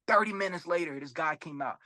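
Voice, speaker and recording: A young man from Florida tells his story as an interview guest. He is animated and profane, acts out the dialogue and keeps tossing in quick tag questions. His voice sits a little high and sounds bright and forceful, recorded close and dry. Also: dry recording. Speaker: rapper and sports bettor, guest.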